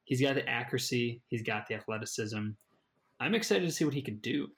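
A man's voice: medium pitch, animated, a little fast, a bit bright. Chatty man talking fantasy football. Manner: chatty, hedging, restarts phrases. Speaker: fantasy football podcast co-host. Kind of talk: casual sports chat.

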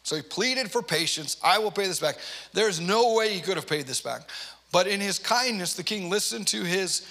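A pastor delivering a sermon in a conversational way, reading scripture aloud and often restarting with repeated words. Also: male voice, high-pitched, expressive, moderate pace, vocal fry, pushed and bright.

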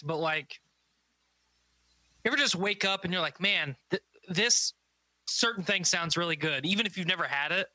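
Male podcast co-host, bright clear voice, rambling jokey storyteller. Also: sits high, no echo. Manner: joking, rambling, does goofy voices. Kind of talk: casual banter.

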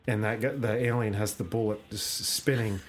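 A young adult man hosting a podcast, casually retelling a comic with laughs and quick voiced-out lines. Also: on the low side, fairly even intonation. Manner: rambling, laughs often, acts out quoted lines. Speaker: podcast host.

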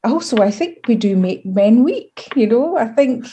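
A woman's voice: on the high side, measured pace. A middle-aged Scottish woman giving a candid interview, telling stories with humour and pride. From Scotland. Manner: lively, humorous, proud storytelling. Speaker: interview guest.

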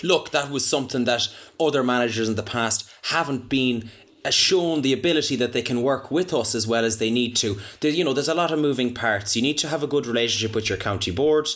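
Deadpan Irish man riffing on sport. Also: medium pitch, fairly quick. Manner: mock-serious, deadpan rambling. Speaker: podcast co-host. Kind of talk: comic sports podcast banter.

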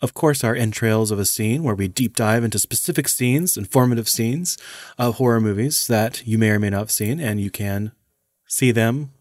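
A man's voice: fairly low pitch, normal speed, darkish tone, no room sound. A young man co-hosting a casual podcast, teasing his co-host and laughing at slip-ups. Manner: dry teasing, giggly. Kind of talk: casual podcast chat, bloopers.

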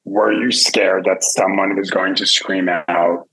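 Gravelly, husky middle-aged man chatting. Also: sits low, little pitch movement, bright, forceful tone, low-quality recording. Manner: quick, laughs mid-sentence, chatty asides. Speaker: guest entertainment journalist. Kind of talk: casual chat.

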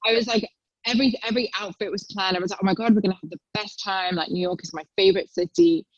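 A woman's voice: steady tone, quick pace, no echo, muffled recording. A young woman in casual chat as a guest, telling stories and acting out quotes in a raised voice. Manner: chatty storyteller, acts out quotes in a high voice.

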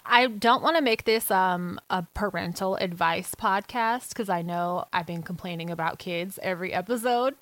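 A woman's voice: fairly low pitch, normal speed, few pauses, a bit bright, no room sound. A woman co-hosting a podcast, trading teasing, profane banter in a casual chat. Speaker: podcast co-host.

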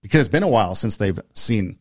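A man's voice: fairly low pitch, expressive, fast, no echo. Earnest man with a dry, close sound. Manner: earnest, conversational, repeats phrases for emphasis. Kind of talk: reflective monologue with personal story.

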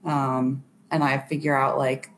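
A woman's voice: extremely low pitch, little pitch movement, measured pace, slight background noise. A young woman talking casually as a podcast guest, earnest, with frequent filler words. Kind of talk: casual chat.

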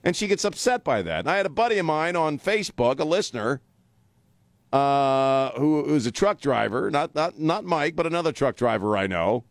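A man's voice: on the high side, big pitch swings, normal speed, no echo. A man hosting a talk radio show, chatting bluntly and jokingly. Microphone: studio mic.

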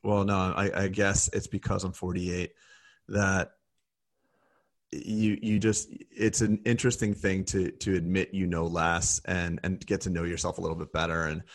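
A man's voice: deep voice, level tone, moderate pace. A man in his forties co-hosting a podcast, talking candidly and reflectively with blunt, profane asides. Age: 40s. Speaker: podcast co-host.

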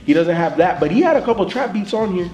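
High-pitched guy ranting excitedly about an album, swears a lot, stumbles on starts, echoey room. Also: fast talker, dull audio. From East Atlanta, US. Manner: animated, emphatic, profane, repeats himself when starting. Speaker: podcast co-host reviewing an album. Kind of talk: casual chat. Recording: roomy echo.

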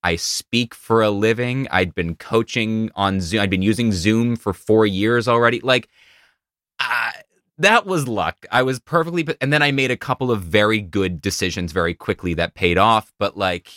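A man's voice: lowish voice, moderate pace, fairly bright tone, no room sound, studio quality. A man hosting a podcast, chatting casually and telling stories with playful asides. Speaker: podcast host. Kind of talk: casual conversation. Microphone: studio mic in a treated home studio.

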